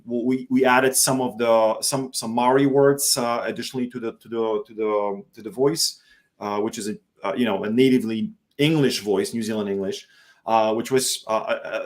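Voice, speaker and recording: A man from Poland speaking as a guest in a casual webinar, halting and often repeating words, over a video call. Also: lowish voice. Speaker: product manager guest.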